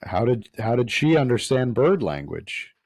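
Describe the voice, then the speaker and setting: A man's voice: mid-range voice, very animated, a little mellow, no echo. A man co-hosting a casual podcast, rambling and restarting his sentences as he explains. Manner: rambling, halting, restarts often. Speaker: podcast co-host.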